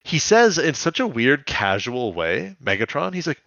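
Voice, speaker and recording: Guy rambling on a podcast, lively voice, bit lo-fi and dry. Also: mid-range voice, moderate pace, gravelly, no room sound. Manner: rambling, giggly, puts on jokey quotes. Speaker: podcast co-host. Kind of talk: casual chat.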